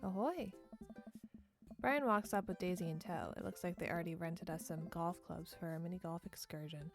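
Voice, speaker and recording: A woman's voice: fairly low pitch, fairly quick, over music. A woman streamer reading a visual novel aloud and voicing the player character in a playful, jokey way.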